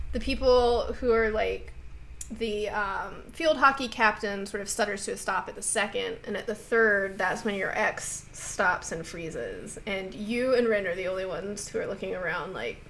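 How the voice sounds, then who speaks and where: A woman's voice: mid-range voice, fairly bright tone, a little hiss or hum, low-quality recording. A woman narrating a tabletop game as game master in a playful storytelling way.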